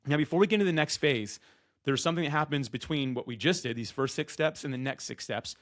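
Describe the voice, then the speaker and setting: A medium-pitched man speaks directly to camera, giving energetic advice on how to be a good podcast guest. He talks loud and rapid-fire, slipping into quick impressions of guests and hosts. The recording is close and dry, with no room sound around it.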